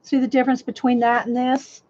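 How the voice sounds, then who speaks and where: A woman hosts a casual live-stream drawing lesson, chatting and rambling, restarting her sentences and greeting viewers by name. Her voice sits a little high and crackles faintly. The recording is muffled and dry, from a desk microphone. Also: little pitch movement, brisk, warm tone, dry recording. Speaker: livestream art host. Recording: dull dry lo-fi mic audio.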